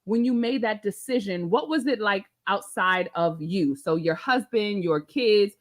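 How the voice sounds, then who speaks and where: A woman's voice: mid-range voice, a little slow, a crowd in the background. A woman co-hosting a casual livestream interview, chatty and playful, often repeating herself as she asks questions. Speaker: co-host.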